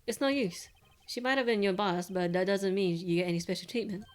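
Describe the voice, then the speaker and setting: A woman doing a loud blustery cop guy. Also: medium pitch, a little fast, close to an everyday voice. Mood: stern. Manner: calls everyone pal, brash and blunt. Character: gruff loud male police detective, blustery. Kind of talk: reading game dialogue aloud.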